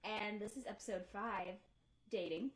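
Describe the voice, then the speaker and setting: A young woman co-hosting a podcast in casual chat, talkative and quick to laugh. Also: medium pitch, a crowd in the background, rough recording. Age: young adult. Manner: chatty, laughs often. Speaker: podcast co-host.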